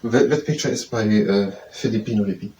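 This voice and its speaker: Guy studying out loud, keeps repeating stuff and restarting, sounds far from the mic. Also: lowish voice, a little fast. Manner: repetitive self-quizzing, hesitant restarts. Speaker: student memorizing aloud. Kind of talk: thinking aloud while studying. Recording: distant mic with faint background noise.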